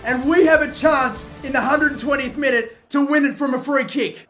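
A young man giving excitable play-by-play commentary on his own football video game, swearing often and breaking into loud shouts. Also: high voice, moderate pace, faint music behind. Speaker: gaming YouTuber.

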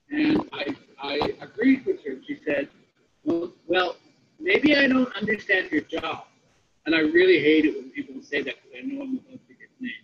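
A man with a very high, strongly gravelly voice that swings a lot in pitch tells a story to a webinar audience. He keeps checking in with "okay?" as he goes. The sound is muffled and lo-fi with a faint hiss. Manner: anecdotal, often checks in with "okay?". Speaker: webinar speaker on disability support. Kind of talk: storytelling talk. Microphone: online call audio.

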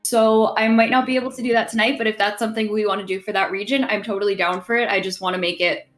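A woman's voice: mid-range voice, fairly even intonation, fast, a bit bright, faint music behind. A woman player on a video call, explaining her views in an earnest, careful and thoughtful way. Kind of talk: casual chat on a game call. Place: online group video call. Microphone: home computer mic on a video call.

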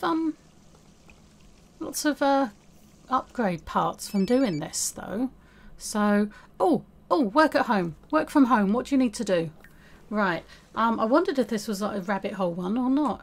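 A young woman chatting casually through a life-sim game as the host, talking to her character as she plays. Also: fairly high pitch. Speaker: gaming video host. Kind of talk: casual let's-play commentary.

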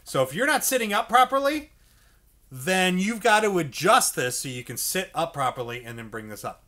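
A man's voice: high-pitched, big pitch swings, moderate pace, sharp tone. A man teaching saxophone, explaining step by step, checking in often with "okay?" and acting out the mouth sounds. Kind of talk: instructional music lesson.

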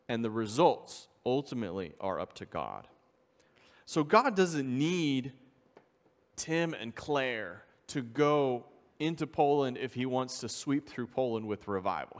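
A man preaching a sermon as a visiting missionary, earnest and steady, reading scripture aloud in old-fashioned wording. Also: mid-range voice, in a large hall. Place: church sanctuary.

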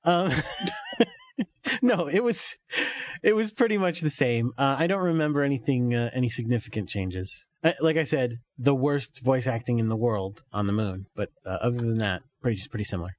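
A man's voice: medium pitch, normal speed, no echo, studio quality. A man co-hosting a podcast, talking in a sardonic, loose way and laughing often. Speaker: podcast co-host. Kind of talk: casual chat.

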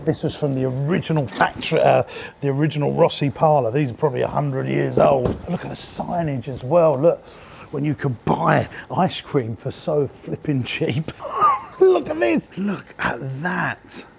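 A man giving a chatty, enthusiastic walking tour of his ice cream factory, sometimes dropping his voice low. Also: fairly even intonation, normal speed, creaky, background noise. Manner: chatty, enthusiastic, drops to a whisper at times. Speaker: business owner vlogger.

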